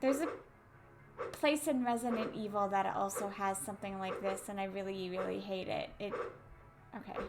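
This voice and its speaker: A woman's voice: mid-range voice, fairly even intonation, normal speed. A woman commentating a horror game let's play, jumpy, laughing and swearing at the scares. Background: game music.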